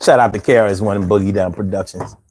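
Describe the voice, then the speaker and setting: A man's voice: lowish voice, steady tone, fast, a little mellow. A man hosting a casual live show, telling stories in loose slang and laughing often. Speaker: show host.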